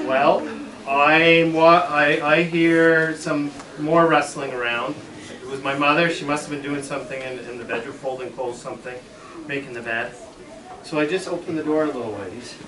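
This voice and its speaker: A middle-aged man, a school superintendent, telling a playful story to a class of children and acting out the voices. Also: a little high. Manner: playful, dramatic, acts out voices. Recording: echoey room, mic far off, children around.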